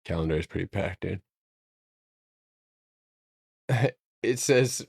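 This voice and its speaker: A man's voice: low-pitched, animated, moderate pace, vocal fry, a little mellow, husky, no room sound, clean studio sound. A man casually chatting through chart setups on a live stream, joking around and swearing freely as he thinks aloud. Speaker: stock trading streamer.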